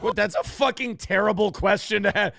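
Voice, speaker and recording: A man's voice: high voice, a little fast, vocal fry, a bit bright, soft background music. A man hosting a morning show, riffing on a news clip in a crude, profane, mocking rant. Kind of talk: comedic commentary on a news clip.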